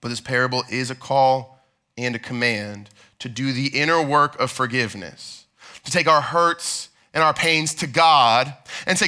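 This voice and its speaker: A man pastor preaching a sermon in a church sanctuary, earnest, dropping to hushed tones and then rising for emphasis. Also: medium pitch, unhurried, clean tone.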